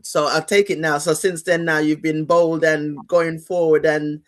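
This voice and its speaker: A man's voice: fairly high pitch, little pitch movement, a little slow. A man hosting an interview, asking his questions in a rambling way, searching for words and restarting often. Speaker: interview host. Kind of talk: conversational interview.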